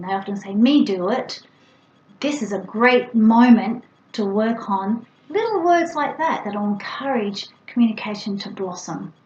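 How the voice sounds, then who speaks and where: A middle-aged woman, a speech pathologist, patiently explaining to parents and breaking into exaggerated, playful sound demonstrations. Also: medium pitch. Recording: roomy, slightly dull with faint ambience.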